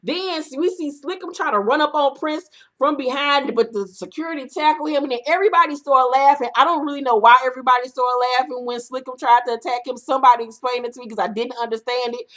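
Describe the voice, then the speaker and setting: A woman recapping a reality TV episode in casual, profane commentary, acting out the cast in loud bursts. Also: high voice, quick pace, few pauses.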